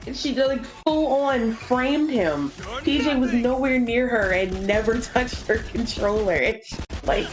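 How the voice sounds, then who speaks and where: A woman's voice: measured pace, faint music behind, low-quality recording. Chatty woman telling stories while gaming. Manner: chatty storytelling, mimics kids in high squeaky voices; casual swearing, says "like" a lot. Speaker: streamer co-host. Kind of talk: casual chat while gaming.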